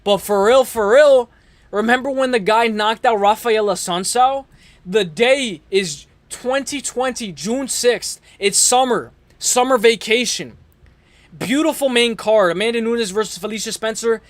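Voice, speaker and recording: Excitable young man breaking down fights. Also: very high-pitched, a little slow, no room sound. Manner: excitable, rambling, slangy, self-correcting. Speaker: MMA podcast host. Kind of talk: casual fight preview talk.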